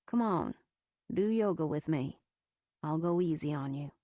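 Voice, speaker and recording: A woman voicing a calm young female friend who teases in a dry, unhurried way. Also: deep voice, dry recording. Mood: teasing.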